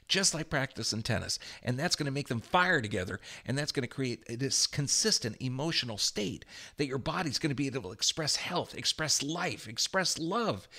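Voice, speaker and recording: A man giving a motivational health talk, emphatic and energetic, swinging his voice up for affirmations. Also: mid-range voice. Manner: energetic, emphatic, repeats affirmations with rising volume. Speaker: health speaker.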